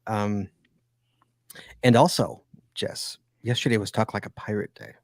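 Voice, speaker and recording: A man's voice: lowish voice, steady tone, unhurried, dry recording, clean studio sound. Teasing man hosting a podcast. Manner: teasing, rambling with fillers. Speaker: podcast host. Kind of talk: casual podcast chat.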